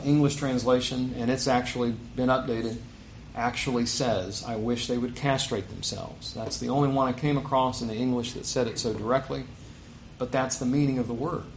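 A man in the middle of a conversational sermon. His pitch sits at an ordinary middle height, and he rises and presses his voice when he reads scripture aloud. A faint hum of room ambience stays under his voice. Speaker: preacher.

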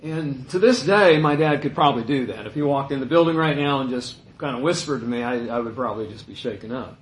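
A middle-aged man preaching a sermon in a conversational, storytelling way, dropping to a hush and rising again. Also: medium pitch, lively intonation, quick pace, echoey room, slight background noise, poor audio. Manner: conversational, anecdotal, shifts between loud and hushed.

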